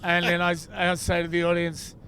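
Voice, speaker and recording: A man's voice: high voice, monotone, a little fast, sharp tone, slight background noise. Australian man, dry storyteller in a car. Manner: dry anecdotal storytelling, acts out quoted voices. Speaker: podcast co-host. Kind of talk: casual chat. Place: inside a moving car.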